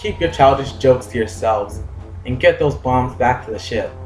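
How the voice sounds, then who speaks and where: A man's voice: medium pitch, normal speed, darkish tone, roomy sound, faint music behind, natural voice. A man voicing a young female pirate captain who scolds her crew in curt orders. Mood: stern.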